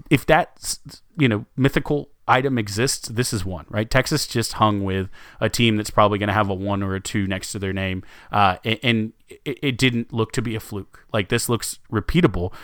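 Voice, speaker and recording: A man with a fairly low voice talks basketball in easy, rambling podcast chat, looping back with fillers and restarts. The sound is dry and close, with no room around it. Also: fairly bright tone, no echo. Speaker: sports podcast co-host. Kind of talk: casual sports chat.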